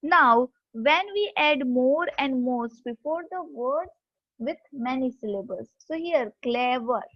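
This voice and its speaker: A woman's voice: high voice, dry recording. A woman teacher explains a grammar lesson step by step, spelling words out letter by letter. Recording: dull lo-fi dry recording.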